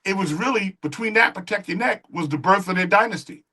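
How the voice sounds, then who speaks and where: Bright-voiced man telling studio stories. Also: high-pitched, a little fast. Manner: animated storyteller who acts out quoted dialogue. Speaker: guest, music engineer and producer. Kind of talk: casual interview storytelling.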